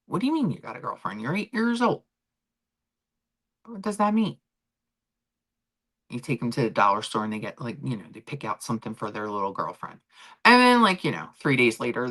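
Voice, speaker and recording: Animated, chatty woman streamer. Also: rumbling low. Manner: chatty, animated, rambling with restarts. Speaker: livestream host. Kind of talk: casual chat with viewers.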